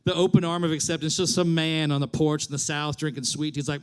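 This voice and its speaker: Wry, high-voiced young stand-up guy. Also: fairly even intonation, fast talker, hardly any pauses, clean tone. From Reno, Nevada. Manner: wry, self-deprecating, rambling. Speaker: stand-up comedian. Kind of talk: stand-up comedy set. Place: theater stage with live audience.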